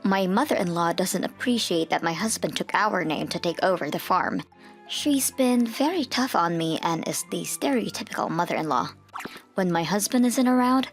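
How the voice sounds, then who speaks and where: A woman narrating a manga dub, telling the story earnestly and turning hushed at tense moments. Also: on the low side.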